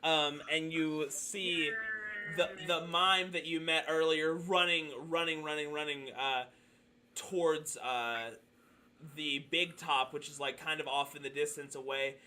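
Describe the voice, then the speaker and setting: Bright-voiced man running a tabletop game. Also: a little high, a little hiss or hum. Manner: loose, hesitant with many fillers. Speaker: dungeon master.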